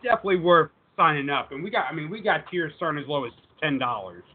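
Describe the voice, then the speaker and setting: A man's voice: on the high side, lively intonation, fast, breathy edge. A man co-hosting a casual podcast, easygoing and plugging the show's membership, over a tinny phone-like line. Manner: easygoing sidekick, plugs the show. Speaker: podcast co-host.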